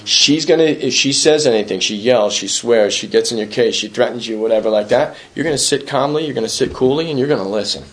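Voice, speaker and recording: A recovering alcoholic shares his story at a meeting, his voice medium-pitched and fast with few pauses. He's earnest and self-deprecating, repeating himself conversationally and constantly asking "right?" for agreement.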